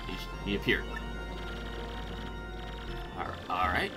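A man hosting a casual let's play, rambling and excitable, often breaking into laughter. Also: low-pitched, takes it slowly, music in the background. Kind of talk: casual gameplay commentary.

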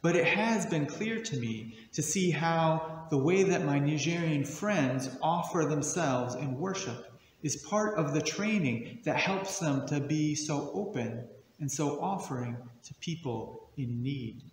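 A man's voice: on the high side, animated, unhurried, a little hiss or hum. A young adult man, a guest speaker who works as a missionary, giving a reflective, earnest sermon. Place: church service recording. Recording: echoey hall with long reverb.

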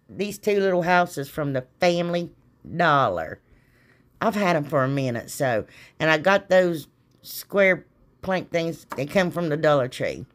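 A middle-aged woman hosts a craft tutorial. She rambles happily and calls her viewers y'all. Her voice sits a little on the low side. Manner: rambling, folksy, talks straight to viewers as y'all. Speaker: craft channel host. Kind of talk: casual chatty craft tutorial.

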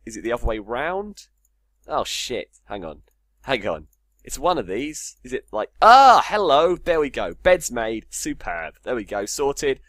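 A man's voice: medium pitch, very animated, measured pace, a bit bright, no room sound. Guy narrating his minecraft game, swears loads, jumpy bouncy voice, dry close mic. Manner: swears a lot, jokey, talks to himself. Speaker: gamer. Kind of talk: casual Minecraft let's play commentary.

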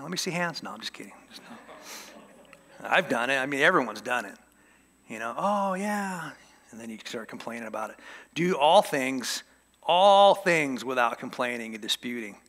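A man's voice: medium pitch, vocal fry, pushed and bright, big-room sound. A man preaching a casual sermon as a pastor, conversational and joking with the congregation. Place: church sanctuary.

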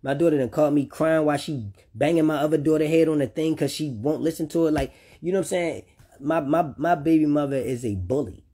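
A man with a warm, medium-pitched voice rants about his children in an unscripted personal vlog. Addressing viewers directly, he gets heated, repeats himself and swears often.

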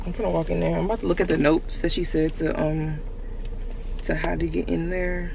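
A woman's voice: fairly low pitch, flat delivery, fairly quick, creaky, noisy background. Chatty woman vlogging from her car. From Georgia, US. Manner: chatty, slangy, talks to viewers as "y'all" and "girl". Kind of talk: casual vlog chat to camera. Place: in a car, then walking outside. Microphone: handheld camera.

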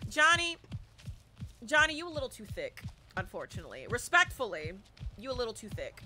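A woman chatting casually and excitedly on a live gaming stream, talking back to the game and thanking viewers. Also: fairly high pitch, fast talker, soft background music.

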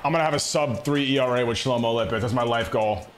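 A young man streaming a baseball video game, reacting in excitable, slangy commentary that swings between loud hype and low muttering. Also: fast talker, a little hiss or hum. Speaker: gaming streamer. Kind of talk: live gameplay commentary.

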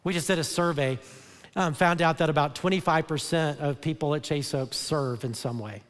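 A man's voice: fairly high pitch, moderate pace, a bit bright. Earnest male pastor preaching in a hall. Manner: earnest, repeats words and restarts often, rises to emphatic bursts. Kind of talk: sermon. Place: large church auditorium. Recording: long hall reverb.

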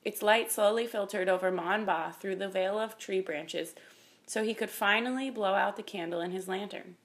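A woman reading a children's chapter book aloud in a calm, even manner. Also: medium pitch, normal speed. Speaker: reader. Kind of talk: storybook reading.

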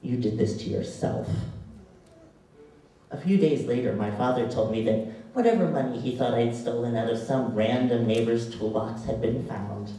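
A man performing spoken word poetry on a live stage, dramatic and rhythmic with long pauses. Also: mid-range voice, dark tone. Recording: echoey hall, distant mic.

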